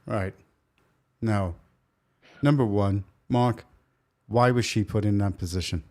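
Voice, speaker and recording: Guy cohosting a politics chat, lower voice, keeps asking stuff. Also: slow pace, darkish tone, slight background noise. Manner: leading questions, steering the talk. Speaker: podcast co-host.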